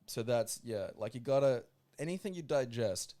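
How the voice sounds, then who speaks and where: A man's voice: mid-range voice, expressive, moderate pace, hardly any pauses, mellow. A young Australian man hosting a podcast, reading listener letters aloud and breaking off into sweary joking asides. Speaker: podcast host.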